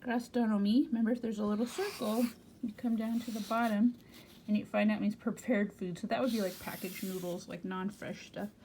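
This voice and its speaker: A woman's voice: medium pitch, fairly even intonation, a little fast, warm tone. American woman teaching German vocabulary. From United States. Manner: reads German then explains it plainly in English. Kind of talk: reading a German textbook aloud and translating into English. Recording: faint background noise.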